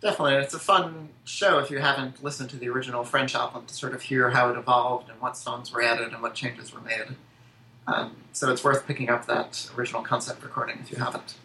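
A woman co-hosting a podcast, adding quick, dry asides and recommendations. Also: very deep voice, fairly even intonation, bright, forceful tone. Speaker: podcast co-host. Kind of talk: casual chat. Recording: echoey room with faint noise.

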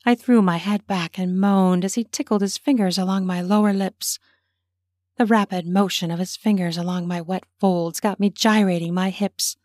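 A woman narrating her own erotic story in a slow, intimate way, slipping into whispers. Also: mid-range voice, fairly even intonation, a little mellow, no room sound, clean studio sound.

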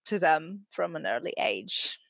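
A woman's voice: fairly low pitch, steady tone, a little slow, creaky, a bit bright, no room sound, lo-fi sound. A woman from Poland with a Polish accent, chatting casually in a thoughtful, hesitant way and laughing often. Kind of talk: casual conversation.

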